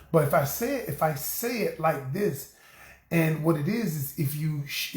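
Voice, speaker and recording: A middle-aged man, a relationship coach and host, giving an animated, preachy motivational talk and calling his listeners y'all. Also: a little high, echoey room.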